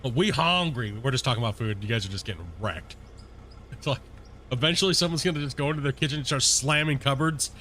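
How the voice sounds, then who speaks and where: A man streaming a game, chatting casually with his viewers in a relaxed, rambling way full of fillers. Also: medium pitch, quick pace, a little hiss or hum. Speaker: gaming streamer. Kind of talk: casual chat with live viewers while playing.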